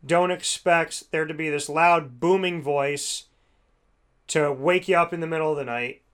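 A man's voice: a little high, steady tone, a little slow, fairly bright tone, clear, resonant tone. A man talking casually about faith and prayer, rambling, with many fillers. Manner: rambling, many "you know"s, restarts.

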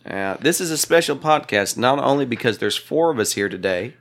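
A man hosts a podcast in easygoing, casual chat. He teases and jokes with his co-hosts at a mid pitch, poking fun in a lighthearted way. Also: lively intonation, fairly quick, a bit bright. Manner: teasing, joking banter. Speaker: podcast host.

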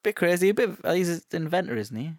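A man co-hosts a casual podcast, mostly giving short, dry replies. His pitch moves a lot and sits a bit high. The recording is very dry and close. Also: very animated, quick pace, no echo. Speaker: podcast co-host. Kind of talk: casual chat.

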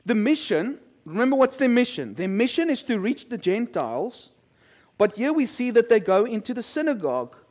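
A middle-aged male pastor speaks at normal speed in an extremely high, very animated voice with a darkish tone. His sermon unfolds as casual storytelling in which he performs quotes from the people he describes.

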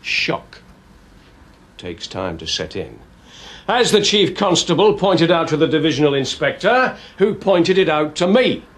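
A man's voice: a little high, sing-song, a little slow, fairly bright tone, heavily acted. An actor playing a stern, pompous police sergeant who lectures his constable with dry sarcasm.

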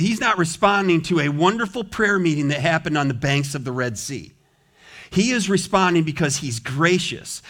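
A man preaching a sermon in a church, lively and often acting out the voices of a grumbling crowd. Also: fairly high pitch. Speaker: pastor. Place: church sanctuary.

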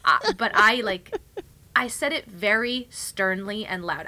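A woman's voice: mid-range voice, animated, a little slow, sharp tone. A young woman chatting casually as a podcast co-host, telling a story animatedly and acting out her own whispered and spoken quotes. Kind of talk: casual chat.

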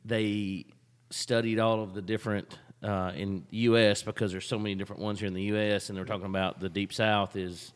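Southern guy from alabama, lowish voice, rambly podcast chat, echoey long reverb. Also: little pitch movement, a little fast, clear, resonant tone. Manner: chatty, rambling storyteller. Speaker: podcast co-host. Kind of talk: casual chat.

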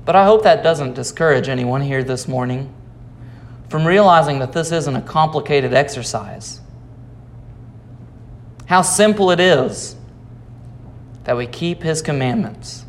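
A man's voice: fairly high pitch, expressive, unhurried, pauses often. A man preaching a Sunday sermon, explaining scripture patiently and repeating key phrases for emphasis. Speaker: pastor.

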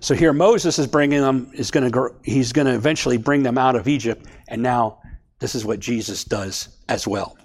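A man's voice: medium pitch, moderate pace. Man, Bible study teacher; casual, chatty delivery to a small group. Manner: conversational, checks in with "okay?".

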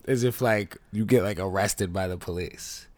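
Loud, swearing young man podcaster. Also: sits low, normal speed, no echo. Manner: loose, swears a lot, rambling with many restarts; loud, can't whisper. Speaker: podcast host. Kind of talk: casual chat.

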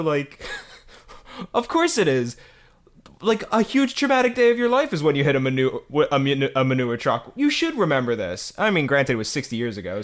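A man chatting casually on a podcast, earnestly talking his ideas through. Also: a little high. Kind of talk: casual chat.

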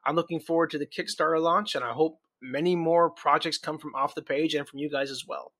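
A man's voice: a little high, steady tone, a little fast, a bit bright. A man hosting a casual podcast chat, eager and often restarting his sentences. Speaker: podcast host.

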